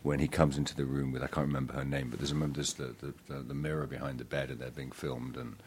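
A middle-aged man, an actor telling stories in an interview, halting and self-deprecating with many restarts. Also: very deep voice, flat delivery, darkish tone, slight background noise. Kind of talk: casual interview storytelling.

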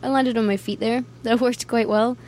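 A woman's voice: a little high, steady tone, normal speed, a little mellow. Chatty young Scottish woman. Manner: chatty, laughs often, acts out quoted voices. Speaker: band member guest. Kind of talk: casual interview chat.

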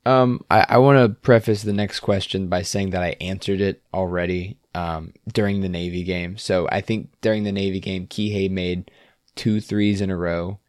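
A man's voice: low voice, moderate pace, dry recording, studio quality. A man co-hosting a sports podcast, talking casually and laughing easily. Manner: relaxed, laughs often, trailing off. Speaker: podcast co-host.

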